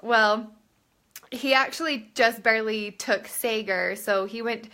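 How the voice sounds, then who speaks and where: In her thirties, a woman chats on a casual live stream from a room at home, holding her phone at arm's length. She rambles with lots of fillers, her voice fairly high in pitch, measured in pace, and bright and forceful in tone.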